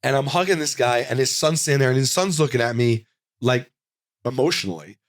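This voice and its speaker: A man in his forties, a comedian guest, telling a rambling, animated anecdote in a casual interview, full of "like.". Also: medium pitch, fairly quick, no echo, clean studio sound.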